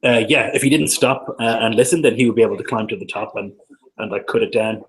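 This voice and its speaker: A man's voice: fairly low pitch, quick pace, rough recording. A man narrating as game master of a tabletop game, hesitant with many fillers.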